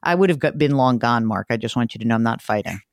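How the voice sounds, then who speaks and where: A woman hosting a radio call-in advice show, talking in a blunt, ranting, lively way. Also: a bass voice, quick pace.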